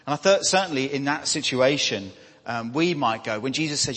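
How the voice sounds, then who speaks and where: A man's voice: medium pitch, fast talker, fairly bright tone, in a large hall. A man preaching a sermon in a conversational way, often ending points with tag questions.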